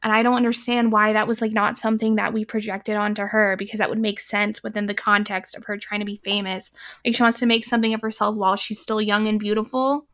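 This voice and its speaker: A woman's voice: medium pitch, little pitch movement, quick pace, few pauses, fairly bright tone. A woman in her twenties chatting casually about a film, frank and full of fillers. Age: 20s. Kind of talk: casual film-review chat.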